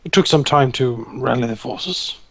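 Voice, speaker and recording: Gravelly-voiced man running a tabletop game. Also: mid-range voice, moderate pace, a bit bright. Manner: hesitant, many fillers, acts NPC lines in quotes. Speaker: game master.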